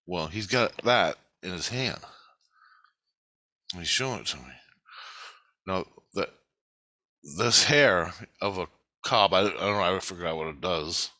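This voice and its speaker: A man's voice: low-pitched, measured pace, pauses often, sharp tone, dry recording. A man telling a dream in a casual, rambling way, swearing often and acting out the dialogue. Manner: profane, rambling, acts out quoted dialogue. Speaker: video creator recounting a dream. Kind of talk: casual storytelling monologue.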